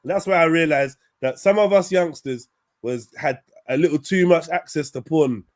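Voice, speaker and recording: A man's voice: normal speed, dry recording. A young man hosting a crude, joking chat show, telling stories in a boisterous way. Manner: joking, boisterous storytelling with animated pitch swings. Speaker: show host. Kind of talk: crude casual banter.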